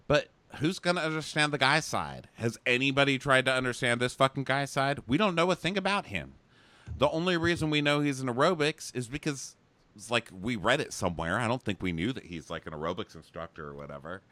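Low, bright-voiced gossipy man. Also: no echo. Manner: gossipy, sardonic, acts out quotes. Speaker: podcast co-host. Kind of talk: casual chat recapping a reality show.

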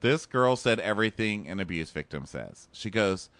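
A man co-hosts a loose, casual chat in a sarcastic, mocking way. His voice is bright and full of swooping movement. The sound is dry and close. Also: on the low side, expressive, normal speed, dry recording. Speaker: podcast co-host.

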